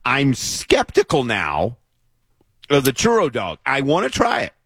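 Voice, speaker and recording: Man, radio talk host, lively pitch, playful skeptical banter, dry studio sound. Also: a little slow, slightly rough, no echo. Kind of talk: casual on-air banter.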